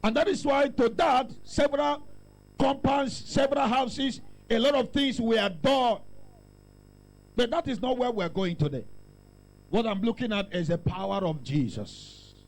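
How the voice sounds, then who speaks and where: Raspy high-pitched Nigerian preacher man. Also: measured pace, low-quality recording. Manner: shouting, call-and-response preaching with pidgin asides. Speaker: pastor. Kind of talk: preaching sermon.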